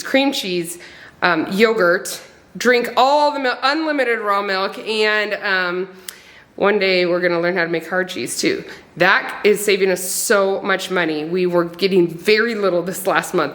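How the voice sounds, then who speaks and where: A woman talks casually to her viewers in a chatty, upbeat vlog. She rambles along with plenty of ums and restarts. The tone is relaxed and friendly throughout. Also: medium pitch. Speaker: homesteading family vlogger. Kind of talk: casual chat to camera.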